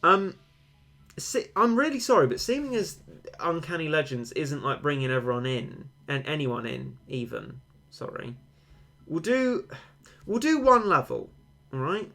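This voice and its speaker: A man's voice: a little high, very animated, normal speed, fairly bright tone, soft background music. A young man, a game streamer, chatting casually and rambling, answering viewer comments with mock-dramatic overstatement.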